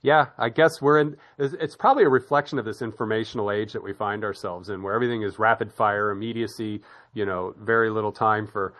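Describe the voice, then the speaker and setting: A man's voice: on the low side, fairly even intonation, quick pace, a bit bright. A man from the United States hosting an interview, chatting loosely with many restarts and frequent laughter. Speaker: podcast host. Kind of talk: casual interview chat.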